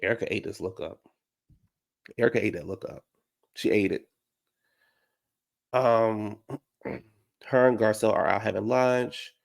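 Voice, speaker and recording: A man giving a casual, sassy recap of a reality show, slipping into high mocking voices to act out what people said. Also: unhurried, vocal fry, long pauses. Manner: dramatic, sassy, slangy, acts out quotes in high mocking voices.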